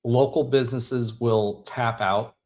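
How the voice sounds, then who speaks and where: A man's voice: medium pitch, steady tone, slow pace, a little mellow. A man hosting an interview show, laying out a point before asking his question. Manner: conversational, explaining before asking. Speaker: podcast host.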